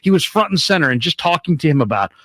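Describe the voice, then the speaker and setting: Excited sports radio host, dry studio sound. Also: male voice, fairly high pitch, fast talker, dry recording. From San Francisco. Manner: enthusiastic storyteller, repeats names for emphasis. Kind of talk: casual sports radio talk.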